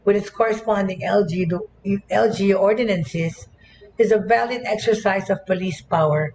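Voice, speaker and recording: A woman with a Filipino accent, hosting and reading the news with a hoarse, croaky voice, breaking into Tagalog and checking in with "okay?" tags. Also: mid-range voice, moderate pace, darkish tone, slight background noise, low-quality recording. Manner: mixes English and Tagalog, many "okay?" tags. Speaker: host.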